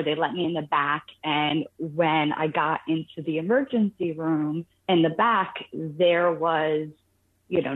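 A woman calling in to a radio show, telling a caregiving story in an earnest, halting way with many restarts. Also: deep voice. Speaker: caller sharing a caregiving story. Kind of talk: phone-in radio conversation. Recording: tinny phone line.

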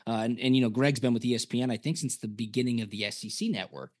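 A former punter co-hosting a casual sports podcast, telling stories and acting out quotes. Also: male voice, mid-range voice, fast talker. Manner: animated storyteller, acts out quotes.

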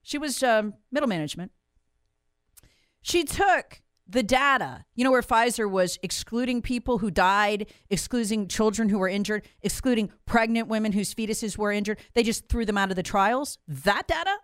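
A woman's voice: mid-range voice, expressive, moderate pace, smooth, dry recording, clean studio sound. A woman, hosting and delivering an angry, emphatic monologue full of rhetorical questions. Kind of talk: impassioned monologue.

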